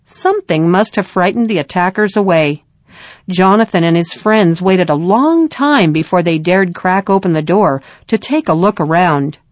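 A woman reading a story aloud in a calm, measured narration. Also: on the low side, no room sound.

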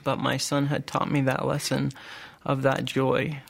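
Earnest gravelly man giving testimony. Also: medium pitch, completely flat delivery. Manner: earnest, halting, many restarts and pauses. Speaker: group member sharing testimony. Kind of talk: personal testimony.

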